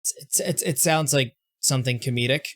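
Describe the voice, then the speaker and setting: A young man giving casual gameplay commentary as a streamer, self-mocking and often stumbling over his words in quick restarts. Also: mid-range voice, fairly bright tone. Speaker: gaming streamer.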